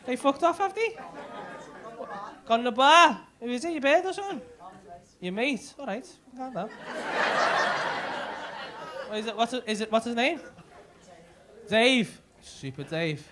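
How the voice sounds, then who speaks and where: A man doing a crude, animated stand-up set in a comedy club, swearing freely and bantering with the crowd. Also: very high voice, a little slow, long pauses. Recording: reverberant club hall with crowd noise.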